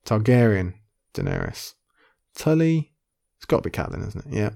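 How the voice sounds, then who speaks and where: A man with a low, gravelly voice and a mellow, dark tone talks through a quiz on camera. He muses half to himself and weighs his options before committing to each guess. The delivery is casual thinking-aloud commentary. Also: huge pitch swings, moderate pace. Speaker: video creator playing an online quiz.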